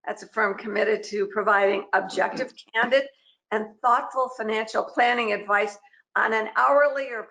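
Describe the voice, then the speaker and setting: A woman's voice: mid-range voice, gravelly, fairly bright tone, low-quality recording. A woman moderating a webinar panel over a video call, chatty and emphatic, firing off pointed questions.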